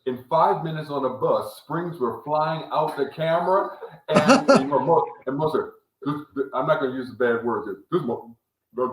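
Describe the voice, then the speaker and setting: A man's voice: a little high, normal speed. A man in his seventies hosting a podcast, chatting casually and repeating words as he tells stories. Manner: repeats words, loose storytelling. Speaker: podcast host, former player. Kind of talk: casual chat. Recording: echoey room.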